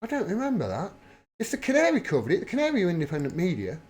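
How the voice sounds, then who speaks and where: A man's voice: high-pitched, huge pitch swings, rapid-fire, a little mellow. A man hosting a live stream, talking through political news and answering viewer messages in an emphatic, heated way, swearing freely. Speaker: livestream host. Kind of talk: live political commentary reading viewer chat.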